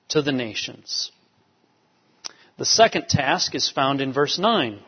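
High-voiced preacher in a reverberant hall. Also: male voice, slightly rough. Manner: emphatic, repeats key phrases. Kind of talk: sermon. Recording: dull lo-fi sound with long hall reverb.

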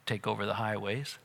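A man preaching a sermon, animated at times and dropping to a hush for emphasis. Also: on the low side, gravelly, slightly rough, long reverb tail. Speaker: pastor.

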